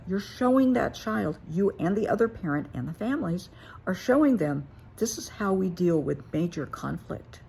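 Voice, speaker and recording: A woman's voice: fairly low pitch, gravelly, a little mellow, a little hiss or hum. A middle-aged woman therapist giving earnest, emphatic advice, repeating her key points for stress. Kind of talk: direct advice monologue.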